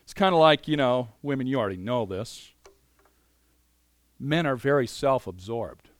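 Animated male preacher, dry close sound. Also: medium pitch, normal speed, no room sound. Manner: animated, swings between loud emphasis and quiet asides; conversational, many "you know" fillers. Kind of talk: sermon.

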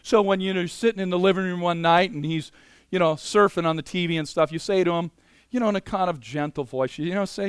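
A man preaching a sermon, animated and conversational, moving between loud emphasis and quiet asides. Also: sits high, fast talker, clear, resonant tone, no echo, studio quality. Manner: conversational, many "you know" fillers.

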